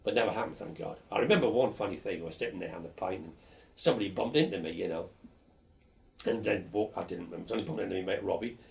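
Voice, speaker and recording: An older man recounts his student years in an oral history interview. He talks in a lively, animated way and is blunt, swearing freely. His voice sits fairly low. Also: rapid-fire, creaky.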